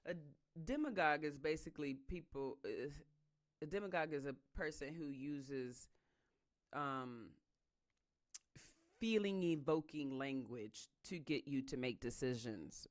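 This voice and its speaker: Someone reading a book out loud, steady reading then heated slangy side comments. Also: medium pitch. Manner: calm reading that breaks into heated, emphatic asides; casual slangy speech in the asides.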